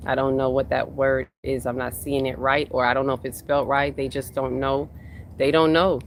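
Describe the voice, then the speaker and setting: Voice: medium pitch, level tone, normal speed, slight background noise. A spiritual workshop host talking casually on a livestream, reading viewers' comments aloud and repeating phrases for emphasis. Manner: reads chat comments aloud and answers them.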